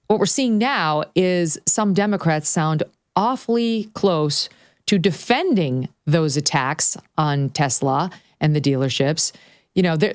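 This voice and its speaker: A woman hosting a political talk show, speaking in a brisk, sardonic, conversational way. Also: low-pitched, a little mellow, no room sound, studio quality. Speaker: podcast host. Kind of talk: political commentary.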